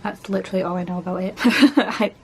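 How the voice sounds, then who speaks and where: A woman chatting casually as a book vlogger, rambling quickly and poking fun at herself. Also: mid-range voice, fairly even intonation, darkish tone, slight background noise. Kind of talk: casual chat.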